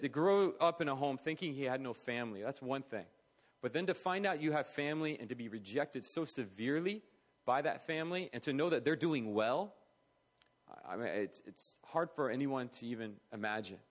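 Earnest man telling a heartfelt story. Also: mid-range voice. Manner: earnest, conversational, acts out quoted voices. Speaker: charity speaker. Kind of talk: personal storytelling talk.

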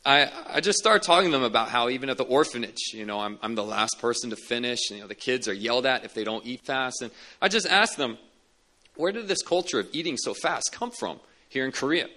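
Guy preaching, earnest, medium pitch, keeps repeating words to drive it home. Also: expressive, fairly quick, pushed and bright. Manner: earnest storytelling with emphatic repetition. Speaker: pastor. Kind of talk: sermon.

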